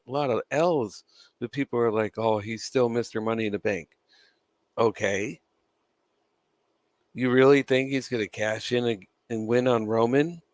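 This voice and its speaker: Chewing gum through a dry mouth, this man has a mid-range voice with no room sound around it. He's a wrestling news vlogger offering loose, opinionated takes, cursing freely and laughing as he moves from one point to the next.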